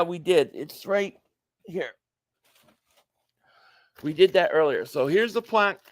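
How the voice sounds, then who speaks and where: High-voiced man hosting a live stream. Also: no echo, clean studio sound. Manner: chatty, reads out viewer comments. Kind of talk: casual live stream chat.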